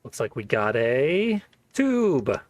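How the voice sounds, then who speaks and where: A man's voice: medium pitch, very animated, takes it slowly, dry recording. A man hosting a let's play, giving casual, wry commentary and laughing often.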